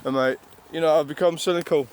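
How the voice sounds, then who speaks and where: A man's voice: on the high side, steady tone, fast, a little hiss or hum. A Scottish man in his sixties, a vlogger, rambling through a reflective monologue with wry, self-mocking asides. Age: 60s.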